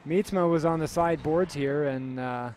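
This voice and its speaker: A man doing relaxed, filler-heavy play-by-play commentary for a youth hockey game. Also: fairly high pitch, moderate pace, a little hiss or hum.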